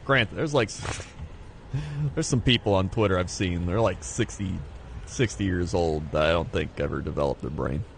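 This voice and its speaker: A man streaming a video game and chatting casually, animated and prone to mimicking people. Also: low-pitched, normal speed, vocal fry, slight background noise. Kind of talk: casual chat while gaming.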